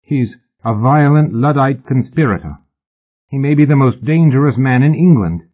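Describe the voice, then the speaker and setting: A man voicing an agitated gentleman scholar who speaks urgently and anxiously, in a storybook reading. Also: mid-range voice, animated, normal speed, slightly rough, pitched above the performer's own voice. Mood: alarmed. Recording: tinny phone-like audio.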